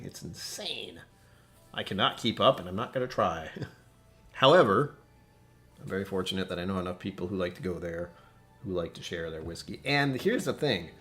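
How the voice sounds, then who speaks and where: A man hosting a casual home whiskey livestream, rambling and often breaking off mid-thought to fix things. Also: deep voice. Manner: rambling, distractible, self-interrupting.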